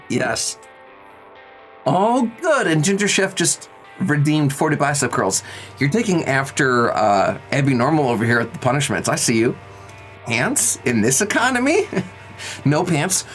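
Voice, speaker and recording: On a roughly recorded live stream, a young man with a mid-range, fairly bright tone chats playfully with his audience. Between jokes with chat, he counts his exercise reps out loud.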